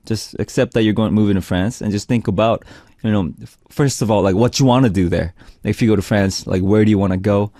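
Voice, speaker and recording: A man hosting a music radio show, reading out listener messages in a relaxed, chatty way. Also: on the low side, fast talker, no echo, studio quality. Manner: relaxed, chatty, lots of "like" and "you know". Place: radio studio. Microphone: studio microphone.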